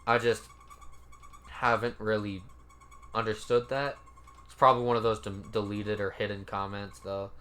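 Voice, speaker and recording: A man's voice: fairly low pitch, flat delivery, normal speed, long pauses, a bit bright, a little hiss or hum. A man giving casual, laid-back commentary as he reads out comments, cursing now and then and sounding mildly incredulous. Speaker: commentary YouTuber.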